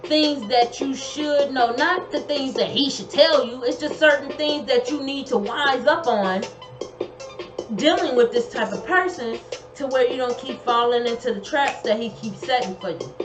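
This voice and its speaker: Woman doing a tarot reading, talks kinda high, super emphatic and chatty, echoey room with music going behind. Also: moderate pace. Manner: emphatic, colloquial, repeats her advice. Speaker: tarot reader.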